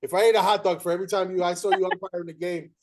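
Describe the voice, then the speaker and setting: A man's voice: sits high, racing. A man hosting a casual chat about umpiring, telling stories and acting out the voices of players and coaches. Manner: animated storyteller, acts out quotes. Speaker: podcast host.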